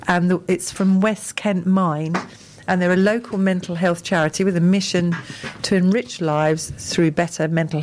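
A woman's voice: on the low side, a little mellow. A woman co-hosting a local business radio show, reading news items with chatty asides. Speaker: radio co-host.

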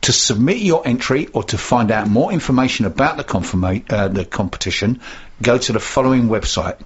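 A man with a gruff, husky voice co-hosting a radio show, reading community announcements and slowly spelling out web and email addresses. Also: medium pitch, lively intonation, muffled recording. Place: radio studio. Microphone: studio microphone.

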